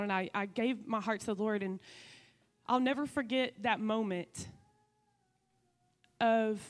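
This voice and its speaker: Earnest woman testifying in a reverberant church. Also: a little high. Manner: earnest, conversational, many fillers. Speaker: church member giving testimony. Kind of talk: personal testimony. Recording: long hall reverb.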